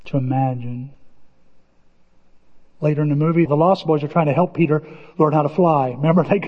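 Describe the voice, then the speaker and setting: A man preaching a sermon as pastor, retelling movie scenes with lively acted-out voices. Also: fairly high pitch, a little fast. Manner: animated storytelling, acting out movie scenes in voices. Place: church sanctuary. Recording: muffled recording with long hall reverb.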